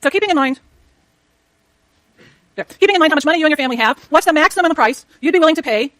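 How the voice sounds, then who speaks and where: Fast-talking high-voiced woman lecturing. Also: animated, a bit bright, no room sound. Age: middle-aged. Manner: chatty, asks the class questions. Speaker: economics lecturer. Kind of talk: university lecture.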